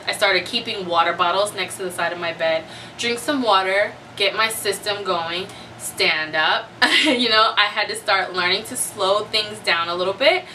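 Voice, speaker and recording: Bright-voiced woman vlogging, mic a bit far. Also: mid-range voice, a little hiss or hum. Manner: chatty, laughs often, acts out her own reactions. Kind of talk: casual chat.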